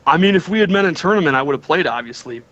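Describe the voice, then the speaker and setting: A man's voice: a little high, lively intonation, racing, a bit bright. Sheepish man on a muffled line. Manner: sheepish, admits fault. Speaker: guest. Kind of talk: casual call-in talk.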